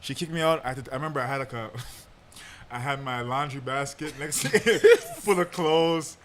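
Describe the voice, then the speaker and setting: On his podcast, a young male host relaxes into a long personal story, full of laughter and fillers. He talks briskly in a medium-pitched, somewhat bright voice.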